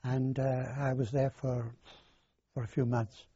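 An older man, recounting his past in a halting, rambling way in an oral history interview. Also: medium pitch, flat delivery, dark tone, husky, dry recording. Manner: halting, rambling storyteller with many fillers. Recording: dull lo-fi dry recording.

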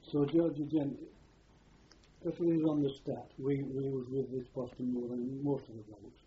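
In a faint-hissing, dull lo-fi archive tape, an older man and former prisoner of war recalls his wartime past for an oral history interview. His voice is medium-pitched and steady, moving at a moderate pace as he rambles and repeats words while remembering.

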